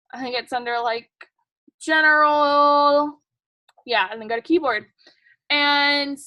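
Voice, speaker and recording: A woman's voice: high voice, sharp tone, dry recording. A young woman, giving a chatty, emphatic motivational talk to her sales team, full of "like" and "um" and blunt pep. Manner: chatty, emphatic, says "like" and "um" a lot; blunt and pushy. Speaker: team leader at a sales kick-off meeting.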